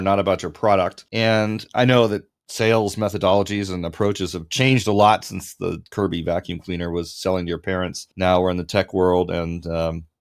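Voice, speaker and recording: Low-voiced man hosting an interview. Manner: conversational, steering questions. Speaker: podcast host, interviewer. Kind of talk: podcast interview.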